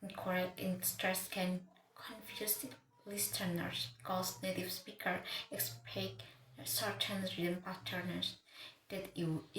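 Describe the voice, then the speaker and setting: Woman teacher, unhurried, careful delivery, stumbles and restarts words, echoey room with faint background hum. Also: lowish voice, fairly bright tone. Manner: halting, restarts words mid-syllable. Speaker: English teacher. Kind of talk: slow, careful lesson explanation.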